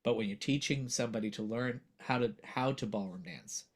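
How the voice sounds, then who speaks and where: A man, a voiceover actor and coach, talking earnestly in a casual interview and growing animated as he makes his points. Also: medium pitch, brisk. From United States.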